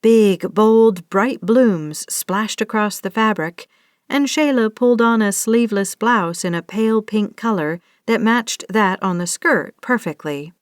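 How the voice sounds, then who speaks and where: A woman narrates a romance novel in an even storytelling voice. Her pitch sits in the middle range. The sound is close and dry, without any room echo. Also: measured pace. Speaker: audiobook narrator. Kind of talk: scripted narration.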